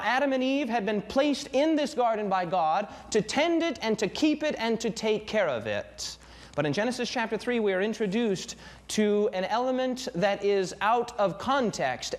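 High-pitched man preaching with fervor. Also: big pitch swings, moderate pace. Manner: fervent, dramatic, swings pitch and pace for emphasis. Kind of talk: sermon.

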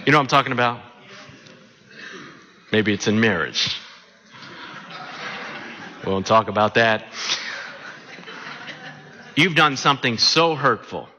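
A man preaching a sermon, animated and often asking his listeners questions. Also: mid-range voice, takes it slowly, long pauses. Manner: animated, asks the congregation questions. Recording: long hall reverb.

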